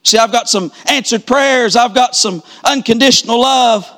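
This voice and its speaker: A preacher delivering a sermon at a church service, moving from quiet storytelling to shouted preaching with repeated refrains. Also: male voice, very high voice, normal speed. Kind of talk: revival sermon.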